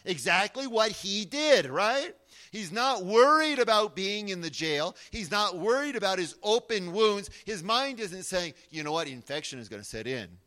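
A man preaching a sermon, swinging between loud emphatic lines and hushed, quiet asides. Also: high-pitched, big pitch swings, normal speed. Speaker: pastor.

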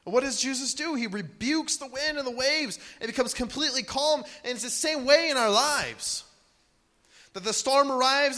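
A man preaching a sermon with animated delivery, sometimes acting out panicked voices. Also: very high voice. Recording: long hall reverb.

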